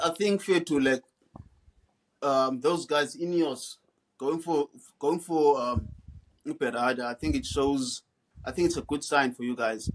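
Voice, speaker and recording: A man co-hosting a casual football podcast, relaxed and slangy, often halting mid-thought. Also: mid-range voice, low-quality recording. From South Africa. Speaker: podcast co-host.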